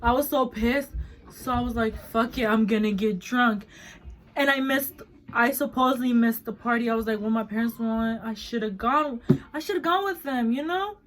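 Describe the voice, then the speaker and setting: Young woman vlogger, 19, somewhat high voice; blunt, profane storyteller mixing English and Spanish. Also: moderate pace, low-quality recording. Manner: blunt, swears a lot, switches between English and Spanish. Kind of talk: casual storytime chat.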